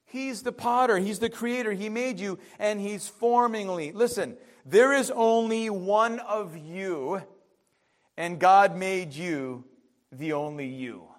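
A male pastor with a high voice delivers a conversational sermon. He slows down for emphasis, drops his voice for the quiet lines and acts out the quotes in between. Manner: conversational preaching with dramatic pauses and acted quotes.

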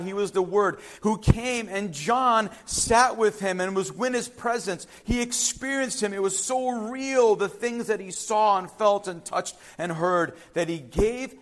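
A man preaching a sermon, emphatic, repeating key phrases and putting questions to the congregation. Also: high-pitched. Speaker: pastor.

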